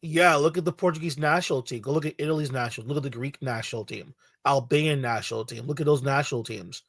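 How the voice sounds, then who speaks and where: A man's voice: medium pitch, quick pace, vocal fry, fairly bright tone, no echo. A male podcast host lectures his co-host in a blunt, profane rant. His voice sits in a middling range and sounds dry and close, with no room around it. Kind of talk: casual ranting chat.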